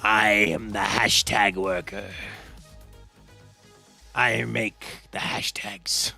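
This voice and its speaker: A man voicing an evil creature who works in a hashtag factory, in a strained, low growl with a slow, drawn-out menacing delivery. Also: fairly even intonation, gravelly, pushed and bright, soft background music, full character voice.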